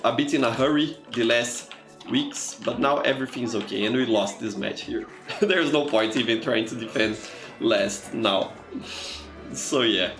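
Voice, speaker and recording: A man's voice: mid-range voice, a bit bright. Chatty man streaming games. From Brazil. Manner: chatty, greets viewers by name, many "you know" fillers. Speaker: streamer and teacher. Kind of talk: casual live-stream chat over gameplay. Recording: echoey room with faint music.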